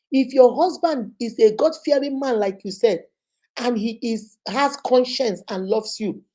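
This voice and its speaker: A woman with a Nigerian accent tells a counseling story, and her voice is warm and relaxed rather than bright. She tells it vividly and slips into Pidgin phrases now and then. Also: mid-range voice. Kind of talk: storytelling talk.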